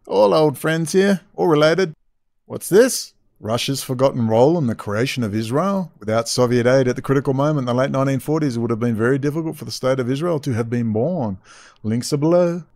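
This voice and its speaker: A man's voice: mid-range voice, quick pace, a little mellow, no room sound. A man hosting a video, reading passages aloud and breaking off into sarcastic, mocking asides. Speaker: host.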